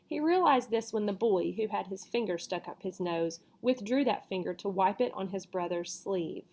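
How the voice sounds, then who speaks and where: Female reader for a storybook, relaxed read-aloud, stumbles and self-corrects casually. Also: medium pitch, moderate pace.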